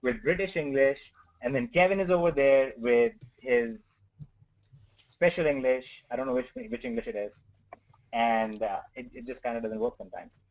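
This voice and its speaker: A man's voice: mid-range voice, moderate pace, rough recording. A man with an Indian accent, a company co-founder, presenting on an online webinar in an earnest way, often starting with okay. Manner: repetitive, earnest, says okay a lot.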